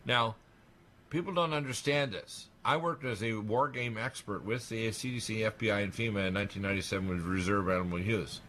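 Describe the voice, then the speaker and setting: A man's voice: lowish voice, steady tone, a little fast, bright, forceful tone, slight background noise. A man talking on a radio talk show, pressing his claims emphatically and piling one alarming point onto the next.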